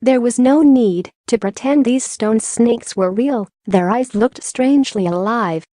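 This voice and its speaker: Woman narrating an audiobook, fairly high voice. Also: no echo, studio quality. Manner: measured, even storytelling. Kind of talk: scripted narration.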